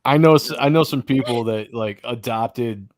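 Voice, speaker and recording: A man from Michigan chatting casually on a live stream, halting and repeating words, laughing easily. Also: medium pitch, no echo.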